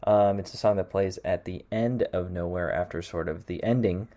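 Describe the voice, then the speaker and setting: A man's voice: sits low, moderate pace, mellow. A man hosting a music show in casual, rambling talk, hedging a lot as he wraps up. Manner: rambling, hedging with lots of "kind of" and "sort of". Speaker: radio show host.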